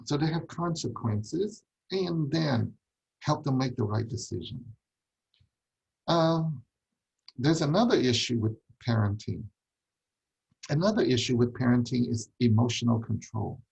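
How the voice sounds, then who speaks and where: A man's voice: mid-range voice, animated, unhurried, gravelly, long pauses, a little mellow, husky, muffled recording. A man teaching a ministry class on parenting, emphatic, repeating key points and asking rhetorical questions.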